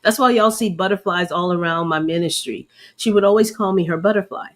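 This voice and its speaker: A woman's voice: on the low side, fairly quick. A woman leading a ministry, giving a candid, emotional live testimony and preaching, calling her listeners y'all. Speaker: ministry leader.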